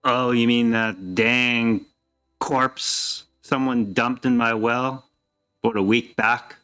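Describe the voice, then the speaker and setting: A man's voice: medium pitch, fairly even intonation, takes it slowly, bright, forceful tone, smooth, faint music behind. A man voicing an evasive middle-aged innkeeper who dodges questions in a folksy drawl. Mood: wheedling.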